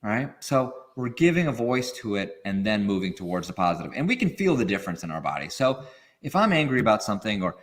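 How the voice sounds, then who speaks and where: A man guest on a podcast interview, explaining in an animated way and acting out quoted feelings. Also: lowish voice, fast. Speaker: guest expert.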